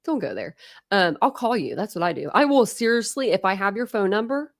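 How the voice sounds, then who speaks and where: A woman in her thirties chatting casually with viewers on a livestream from home, frank and quick to laugh, thanking commenters by name. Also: medium pitch, animated, creaky, dry recording, clean studio sound. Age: 30s. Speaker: livestream host. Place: home, indoors.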